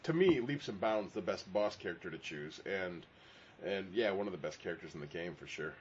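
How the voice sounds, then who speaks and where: Lively-voiced man on dull lo-fi audio. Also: low voice, brisk, slight background noise. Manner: laid-back, swearing, short agreeing replies. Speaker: podcast co-host. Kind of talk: casual podcast chat. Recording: dull lo-fi audio with music behind.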